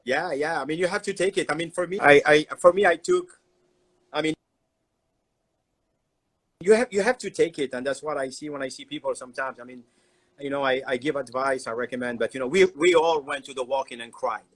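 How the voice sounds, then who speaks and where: Man, somewhat high voice, animated, repeats words, casual storytelling. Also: fairly quick, low-quality recording. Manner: animated, repeats words, broken English phrasing. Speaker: chocolatier guest. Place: Instagram Live stream.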